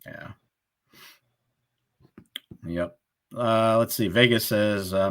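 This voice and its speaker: A man's voice: on the low side, very slow, a bit bright, clean tone. A man co-hosting a livestream in casual chat, a laughing storyteller who acts out the people in his stories. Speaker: livestream co-host.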